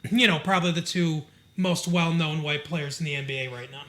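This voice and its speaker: A man with a fairly high, bright voice chatting loosely as a podcast co-host. He rambles with lots of fillers and slips into the characters' lines as he retells scenes. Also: brisk. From Michigan. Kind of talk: casual chat about a TV show.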